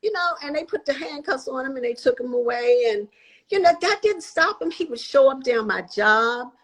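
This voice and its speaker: A woman in her sixties, a guest telling her life story in an interview, animated and acting out the voices of people she quotes. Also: high-pitched, moderate pace, rough recording. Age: 60s.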